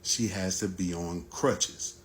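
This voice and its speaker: A man's voice: low-pitched, slow, a little hiss or hum. A man casually recounting a personal story as a vlogger, plain-spoken and repeating points for emphasis. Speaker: vlogger recounting his divorce.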